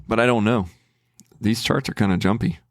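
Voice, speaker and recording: A man with a low, gravelly voice talks himself through his trading as a channel host, casual and hesitant. He starts sentences over and thinks aloud. The sound is dry and close, with no room around it. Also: moderate pace, dry recording. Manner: thinking aloud, hesitant, with restarts and self-talk.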